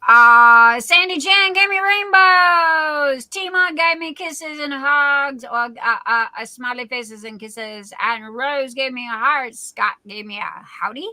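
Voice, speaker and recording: Woman, livestream host, very bright tone, slow chatty delivery, dry close sound. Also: high voice, no room sound, rough recording. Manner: chatty and silly, self-described class clown. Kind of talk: casual live chat reading viewer comments.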